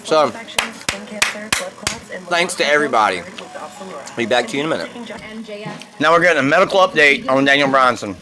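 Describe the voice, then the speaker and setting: A man hosting a casual wrestling review podcast, rambling excitedly and swearing freely as he reacts. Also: medium pitch, normal speed, pauses often.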